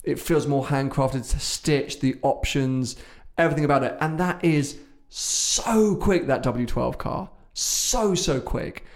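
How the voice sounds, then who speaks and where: A man's voice: mid-range voice, a little slow. A man co-hosting a podcast, trading opinionated, teasing remarks about cars. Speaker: podcast co-host. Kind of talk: casual car chat.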